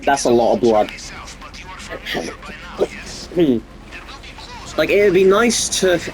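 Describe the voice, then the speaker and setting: A man's voice: on the high side, very animated, slow pace, soft background music, poor audio. Sick young man rambling over gameplay. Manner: rambling, profane, offhand. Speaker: gaming YouTuber. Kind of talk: casual gameplay commentary.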